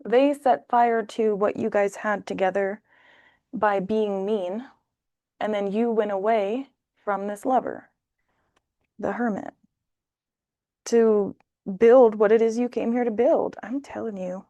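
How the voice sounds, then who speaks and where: A woman giving a casual tarot reading to camera, talking in a chatty, animated way and acting out short bits of dialogue. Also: mid-range voice, slow pace, pauses often, dry recording. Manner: chatty, animated, acts out little voices. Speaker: tarot reader.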